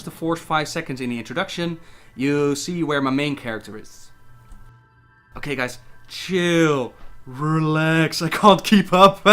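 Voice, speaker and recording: A man on a casual livestream who reads viewer questions aloud and answers them in a chatty, relaxed way. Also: a little high. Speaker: gaming lore livestreamer.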